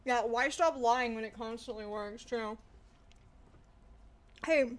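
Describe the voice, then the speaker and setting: Sarcastic, profane woman streamer, high voice. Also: slow. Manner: sarcastic, profane, swings from mutters to loud rants. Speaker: political streamer. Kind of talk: casual livestream commentary.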